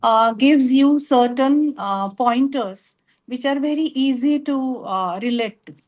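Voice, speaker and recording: A woman's voice: high voice, a little mellow. A woman in a study group making a short hesitant remark about a book. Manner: hesitant, pauses with uh. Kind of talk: brief casual remark.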